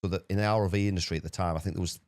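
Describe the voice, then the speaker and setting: A man's voice: low-pitched, dry recording. A man from the UK, a podcast guest telling a story in a casual way, with many repeated words. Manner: rapid, animated anecdote-telling with repeated words.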